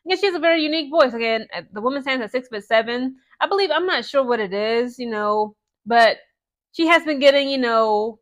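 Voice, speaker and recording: A young woman talking casually to her viewers about women's basketball, chatty and animated, often tossing in "okay?" and "guys" asides. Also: high-pitched, brisk. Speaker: sports commentary vlogger. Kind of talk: casual vlog commentary.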